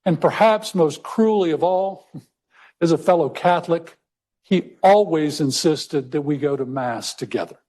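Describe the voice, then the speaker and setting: A middle-aged man from Texas telling a personal story to an audience, slowing down for emphasis. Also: fairly high pitch, warm tone, husky. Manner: conversational storyteller, slows for emphasis. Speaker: speaker. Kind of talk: storytelling talk.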